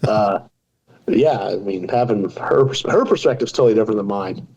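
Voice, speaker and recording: A man's voice: fairly low pitch, moderate pace, dark tone, husky, muffled recording. A man in his forties, a podcast guest, talking casually and telling self-deprecating jokes. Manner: joking, self-deprecating storyteller. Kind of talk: casual interview talk.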